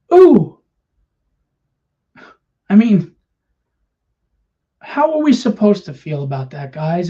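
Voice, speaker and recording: A man's voice: fairly high pitch, mellow. A man ranting to camera, bitter and confrontational, firing rhetorical questions at his audience. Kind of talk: impassioned rant to camera. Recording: dull lo-fi sound.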